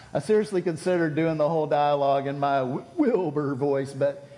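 A pastor preaching a sermon, telling a story with lively swings between loud and hushed delivery. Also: male voice, fairly high pitch, unhurried. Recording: long reverb of a large hall.

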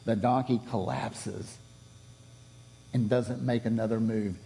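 A pastor preaching a sermon, telling a story with lively swings between loud and hushed delivery. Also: male voice, mid-range voice, slow, creaky. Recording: long reverb of a large hall.

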